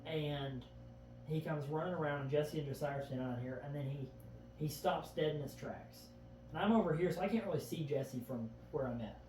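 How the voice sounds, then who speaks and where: Slightly high and a bit fast, with a darkish tone, a man earnestly relives past events in vivid detail during a relaxed podcast conversation. He's the guest and often begins with "I remember," though he sits far from the mic in an echoey room with a faint hum.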